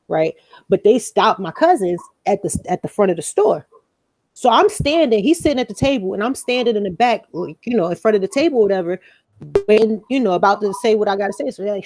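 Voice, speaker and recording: Animated, profane woman podcast host, mellow tone. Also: medium pitch, normal speed, no room sound. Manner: animated, profane, acts out quoted lines. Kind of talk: casual storytelling chat.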